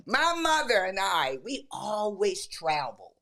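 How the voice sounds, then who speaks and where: Animated woman in her sixties telling stories. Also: mid-range voice, slow. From Baltimore. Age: 60s. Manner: animated storyteller, acts out her younger self. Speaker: guest. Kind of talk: storytelling in casual podcast chat.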